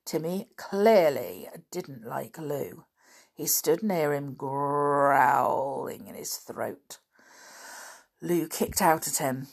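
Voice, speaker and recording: A woman reading a children's story aloud and hosting a podcast, in a gentle, unhurried manner. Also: sits low, creaky.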